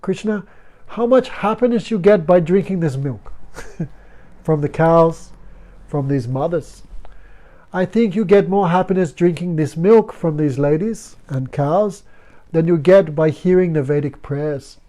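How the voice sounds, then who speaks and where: A man's voice: fairly high pitch, unhurried, dark tone, natural voice. A man quoting an ancient creator god who speaks in wondering, devout praise, in simple broken English.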